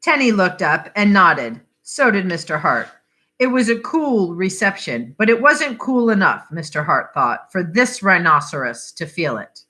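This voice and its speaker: A woman reading a short story aloud for adult listeners, unhurried and expressive. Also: fairly low pitch. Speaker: reader.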